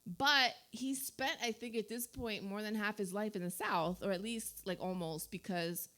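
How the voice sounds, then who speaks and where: A woman's voice: medium pitch, moderate pace, bright, forceful tone. A woman in her thirties from New Jersey, hosting a casual radio chat show in a studio, talking loosely with lots of "like" and frequent laughs. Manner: chatty, heavy use of "like", laughs often. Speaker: host.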